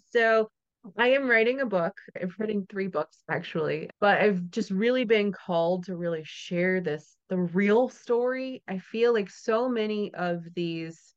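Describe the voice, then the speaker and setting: A woman's voice: medium pitch, clean tone, lo-fi sound. A woman hosting a podcast, talking casually and often laughing, with chatty storytelling asides. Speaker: podcast host. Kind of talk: casual interview chat.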